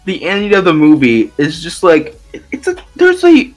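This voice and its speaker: Young male co-host, lively rambling podcast chat with a higher voice, faint music underneath. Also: moderate pace. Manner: rambling, emphatic, many restarts. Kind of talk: casual chat.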